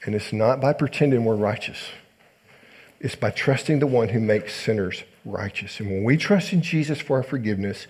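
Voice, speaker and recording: A male pastor preaching a sermon in earnest, rising to loud emphasis and dropping to hushed low lines. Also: moderate pace, husky.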